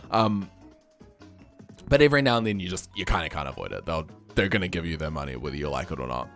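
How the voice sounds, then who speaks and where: Young NZ-accented male streamer, lowish voice, animated and giggly, faint music behind. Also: fast talker. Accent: New Zealand. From New Zealand. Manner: animated storyteller, laughs often, jumps up in pitch when excited. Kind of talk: casual chat.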